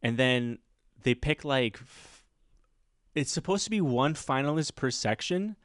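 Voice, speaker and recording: A man's voice: medium pitch, unhurried, no room sound, studio quality. A man hosting a podcast, telling a story in casual chat and acting out the people in it. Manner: animated, acts out other people's voices. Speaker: podcast host.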